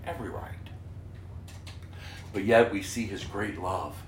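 A pastor preaching an impassioned, emphatic sermon, dropping to a hush and then rising to loud. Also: male voice, lowish voice, fairly even intonation, a little slow, reverberant, distant mic, slight background noise.

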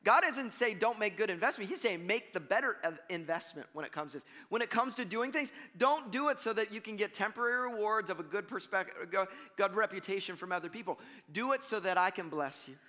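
A man's voice: high-pitched, fairly quick, hardly any pauses. A man preaching a sermon as pastor, talking conversationally to his congregation and acting out what people say. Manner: conversational, animated, acts out mock voices. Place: church sanctuary. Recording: long reverb of a church hall.

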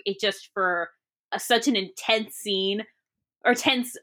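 Giggly bright-voiced woman. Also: a little high, lively intonation, normal speed. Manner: giggly, lots of filler words, trails off. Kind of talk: casual podcast chat about a film.

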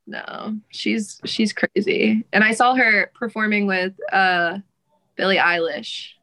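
A young woman with a bright, forceful voice chats as a podcast guest. She is a singer who talks loosely, laughs often and swears in casual slang. Her pitch sits in the middle range for a woman. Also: takes it slowly, rough recording. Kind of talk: casual interview chat.

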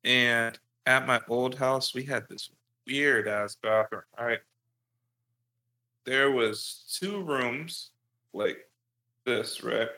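Bright-voiced man telling a story. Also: medium pitch, extremely slow, pauses often. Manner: animated profane storytelling with laughs. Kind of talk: casual chat.

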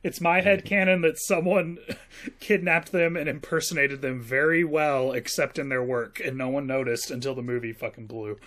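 A man's voice: mid-range voice, steady tone, moderate pace, fairly bright tone. A man co-hosting a film podcast, joking, swearing and laughing often. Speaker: podcast co-host. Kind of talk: casual film podcast chat.

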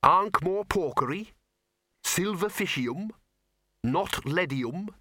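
A man's voice: high-pitched, lively intonation, slow, bright, forceful tone, no echo, clean studio sound, voice pushed up, exaggerated voice. A man voicing a mild, curious male alchemist who keeps prodding with questions.

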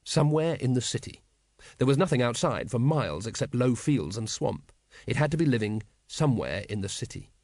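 A man narrating a comic fantasy audiobook in a wry, expressive storytelling manner. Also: mid-range voice, brisk, gravelly, no echo, clean studio sound. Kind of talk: scripted narration.

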